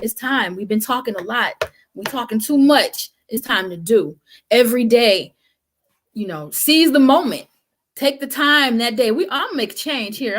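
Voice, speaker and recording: A woman's voice: on the high side, fairly bright tone. A woman guest talking in an impassioned, emphatic, colloquial way, like a preacher. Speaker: guest speaker. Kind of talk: impassioned conversation.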